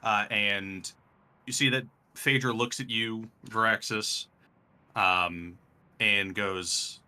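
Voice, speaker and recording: Slow, bright-voiced man running a game. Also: lowish voice, fairly even intonation, clear, resonant tone. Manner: hesitant, many fillers, laughs often. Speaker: game master. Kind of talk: narrating a tabletop game.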